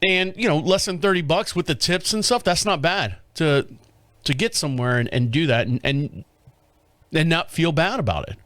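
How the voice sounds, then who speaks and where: A man's voice: a little high, expressive, moderate pace, fairly bright tone, dry recording. A middle-aged man hosting a podcast, telling a casual story in a rambling way with restarts and chuckles. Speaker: podcast host.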